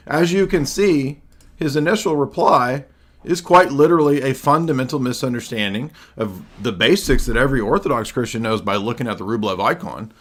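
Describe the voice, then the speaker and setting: A man hosting his own livestream in a combative solo monologue, his pitch sitting at an ordinary middle height for a man. His tone is sarcastic and argumentative, and he keeps breaking off to clear his throat. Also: a bit bright. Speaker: livestream host.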